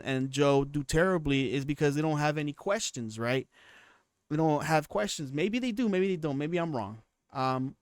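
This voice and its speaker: A man's voice: on the high side, smooth, dry recording, clean studio sound. A man in his twenties giving casual commentary on his channel, rambling and often restarting his sentences. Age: 20s. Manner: rambling, restarts and repeats himself. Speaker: commentary YouTuber.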